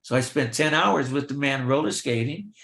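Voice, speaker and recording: An older man, a guest in an interview, telling lively anecdotes and acting out the voices of the people in them. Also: medium pitch, normal speed, vocal fry, reverberant. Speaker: film extra and actor, guest. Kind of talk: storytelling in an interview.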